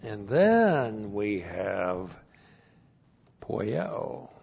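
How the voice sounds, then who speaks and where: Slow, deliberate male Bible teacher. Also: fairly low pitch, very animated, creaky, darkish tone, husky. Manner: deliberate, repeats each numbered point twice. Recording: dull lo-fi recording.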